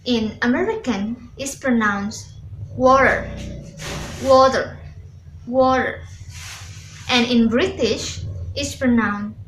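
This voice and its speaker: Slow-speaking young woman presenting, echoey room. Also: on the high side, fairly bright tone, a little hiss or hum. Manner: slow, halting explanation with repeated demonstration words. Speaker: student presenter. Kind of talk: class presentation on accents.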